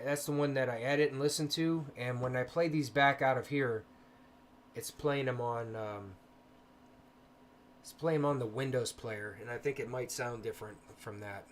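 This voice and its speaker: Soft-spoken man hosting a livestream. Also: medium pitch, slight background noise. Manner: soft-spoken, hesitant with many ums. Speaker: paranormal livestream host. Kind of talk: casual livestream talk.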